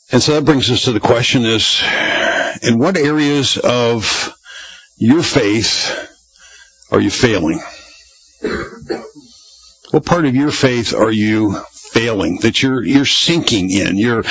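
A man's voice: mid-range voice, fairly bright tone, husky, dull audio. A man preaching a sermon in a church, talking conversationally to his congregation and often restarting phrases. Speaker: pastor.

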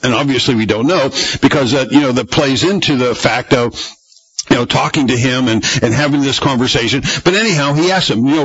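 Male pastor, chatty sermon full of rhetorical questions, husky voice, dull lo-fi church recording. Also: mid-range voice, normal speed, a bit bright, no room sound. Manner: conversational, rambling with rhetorical questions.

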